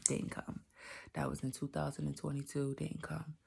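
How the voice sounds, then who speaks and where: Low gravelly woman telling her story. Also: normal speed. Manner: animated, repeats phrases, drops to whispers for emphasis. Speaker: vlogger telling a personal testimony. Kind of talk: casual storytelling.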